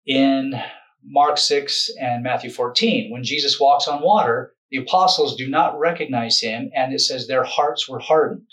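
A man's voice: medium pitch, unhurried, a bit bright, low-quality recording. Man giving a casual, self-correcting talk. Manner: loose, self-correcting, conversational. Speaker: video lecturer and author. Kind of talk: casual explanatory lecture.

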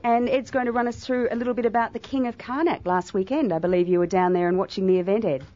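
A woman's voice: mid-range voice, fast, mellow. An Australian woman sailor chatting casually in a radio interview, with plenty of fillers. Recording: dull lo-fi radio broadcast.

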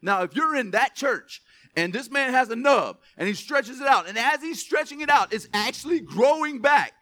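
A man's voice: very high-pitched, expressive, normal speed, sharp tone. A man preaching a sermon in a conversational way, often laughing and checking in with the congregation. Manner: conversational, laughing, keeps asking "right?". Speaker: pastor.

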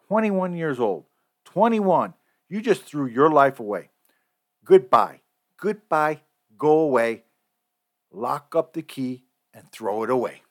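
A man hosting a podcast, delivering a heated, profane, repetitive rant. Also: medium pitch. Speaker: podcast host. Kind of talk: angry solo podcast rant.

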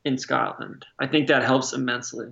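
A man's voice: medium pitch, steady tone, fairly quick, gravelly, sharp tone, highs cut off. A man co-hosting a casual sports talk podcast, joking and opinionated. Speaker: podcast co-host.

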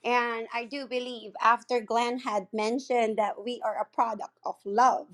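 Woman, higher voice, slow pace, earnest, spiritual, pausing often. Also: flat delivery. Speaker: chakra healer speaking in an audio room. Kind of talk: heartfelt casual sharing.

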